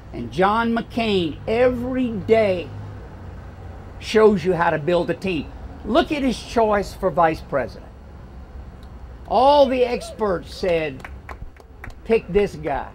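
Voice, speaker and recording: A man's voice: a little high, slight background noise. An older man from Louisiana with a Southern American accent, giving a folksy, rousing campaign speech full of stories. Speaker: political speaker.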